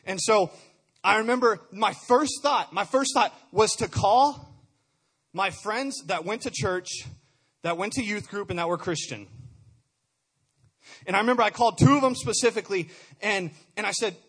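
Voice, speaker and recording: High-voiced husky young man. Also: moderate pace, pauses often, a bit bright. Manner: earnest, stumbling over repeated words. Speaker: speaker sharing a testimony. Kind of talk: personal testimony.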